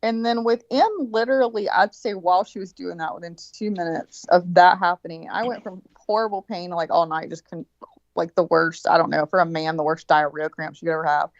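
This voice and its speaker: A woman's voice: fairly low pitch, fairly even intonation, fairly quick, dry recording, highs cut off. A woman in casual chat, telling a vivid, profane story and acting out the quotes of the people in it. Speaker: birthday guest.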